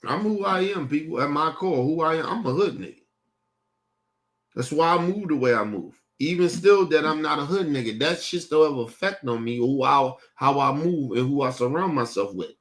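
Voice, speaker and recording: A young man holds forth on his stream in a heated, profane rant. He circles back and repeats his points, and his voice sits a little higher than most men's. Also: expressive, normal speed. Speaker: streaming show host. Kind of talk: casual rant to a stream audience.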